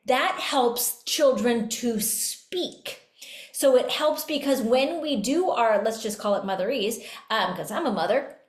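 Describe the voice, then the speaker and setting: A woman hosting a talk for educators, explaining in a lively way and now and then slipping into sung examples. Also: on the high side. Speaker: podcast host and music educator. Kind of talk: casual teaching talk. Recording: roomy echo.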